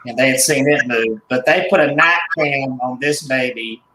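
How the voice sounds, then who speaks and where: A man being interviewed as a guest, speaking in a mid-pitched voice and stopping often to correct himself. His voice rings around an echoey room. A faint hum sits underneath. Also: normal speed, bright, forceful tone. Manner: hesitant, many fillers and self-corrections. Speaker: guest, doll collector. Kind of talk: casual interview.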